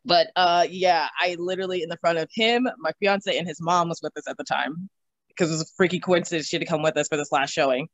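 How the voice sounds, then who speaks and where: Animated young woman telling stories. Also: lowish voice, fast talker, no echo. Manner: animated, laughs often, swears casually. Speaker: interview guest. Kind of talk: casual storytelling. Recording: slightly dull, dry recording.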